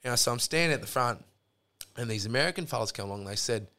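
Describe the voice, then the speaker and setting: A man's voice: mid-range voice, animated, fast, pushed and bright. An Australian man, a podcast guest, telling long rambling stories in casual chat, full of swearing and fillers.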